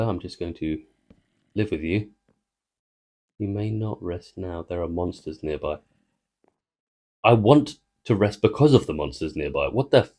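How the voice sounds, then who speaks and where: Deep and a little mellow, a man's voice carries casual, rambling let's-play commentary from a gaming video creator. He attempts a joke mid-game and interrupts himself.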